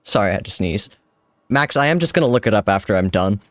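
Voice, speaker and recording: A man's voice: lowish voice, expressive, fast talker, no echo, studio quality. A man streaming a game with casual, chatty commentary, wry and self-deprecating, swearing now and then.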